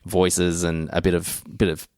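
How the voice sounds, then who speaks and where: A man's voice: deep voice, monotone, a little slow, darkish tone, no room sound, clean studio sound. A man co-hosting a podcast, chatting casually and enthusiastically about a film, rambling with fillers and restarts. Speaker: podcast co-host. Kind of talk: casual movie chat.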